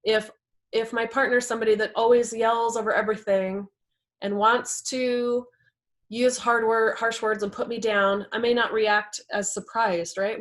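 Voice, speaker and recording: A woman's voice: a little high, steady tone, normal speed, fairly bright tone. A woman presenting a live workshop, talking it through in a conversational way and acting out example quotes.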